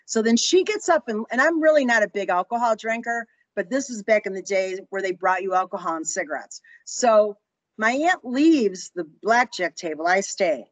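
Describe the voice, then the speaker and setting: A woman in her sixties tells personal stories as an interview guest, speaking in a mid-range voice at normal speed. The recording is rough with no echo, and she animatedly acts out the voices of people she quotes.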